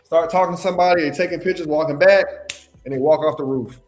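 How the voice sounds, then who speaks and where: A young man hosting a casual livestream Q&A as a mentor. He talks in an animated, slangy way, laughs often and repeats his phrases. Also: on the high side, fast, soft background music. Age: young adult. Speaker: independent adjuster mentor hosting a live Q&A.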